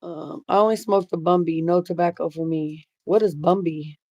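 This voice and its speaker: A woman's voice: fairly low pitch, steady tone, moderate pace, a little mellow, dry recording, muffled recording. A middle-aged woman hosting a casual livestream, reading comments aloud and talking bluntly with lots of swearing. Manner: blunt, swears freely, chatty. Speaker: livestream host reading chat.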